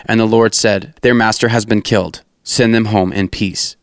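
A steadfast prophet speaking with grave, firm conviction, as a man voices him in a reading. His tone is low-pitched and dry, close to the mic. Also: steady tone, normal speed, clean tone, no room sound, natural voice. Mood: solemn. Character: steadfast, defiant male prophet.

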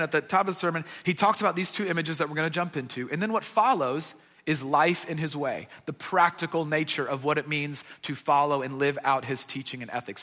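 A man's voice: on the high side, pushed and bright, long reverb tail. A man preaching a sermon as pastor, conversational and earnest, often checking in with his listeners. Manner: conversational preaching with frequent "okay?" check-ins.

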